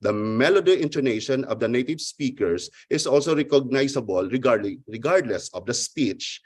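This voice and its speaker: A man's voice: mid-range voice, husky, dry recording. Man presenting a research paper. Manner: halting, restarts words, careful formal reading. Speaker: conference presenter. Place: online conference talk.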